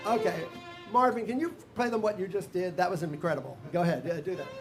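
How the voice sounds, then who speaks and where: A man's voice: sits high, lively intonation, fast talker. An older man leading a live music workshop. He talks casually, sings melodies in nonsense syllables, counts the players in and laughs often. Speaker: workshop leader.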